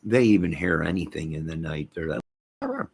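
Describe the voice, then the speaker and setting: A middle-aged man with a very low, gravelly voice hosts a casual livestream and answers viewers. His tone is husky and rough at the edges. He rambles and jokes with a deadpan delivery, then breaks into sudden loud bursts. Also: moderate pace. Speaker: livestream host reading viewer comments.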